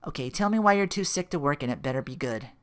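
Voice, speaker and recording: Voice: mid-range voice, lively intonation, fast talker, clean tone, lightly acted. A reader voicing a skeptical female TV producer with a dry, doubtful delivery.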